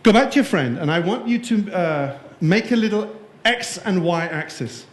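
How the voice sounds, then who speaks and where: A man's voice: high voice, expressive, moderate pace. A man giving a conference keynote, jokey and playful, quizzing the live audience in the room. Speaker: keynote speaker. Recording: echoey room.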